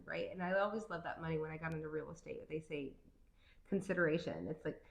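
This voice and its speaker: A chatty woman reads tarot cards in a slightly low voice and rambles from thought to thought with plenty of fillers. She sounds playful and easygoing. Her voice carries an echo from the room. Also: quick pace, gravelly. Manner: playful, laughs easily. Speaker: tarot card reader. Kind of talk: casual tarot reading.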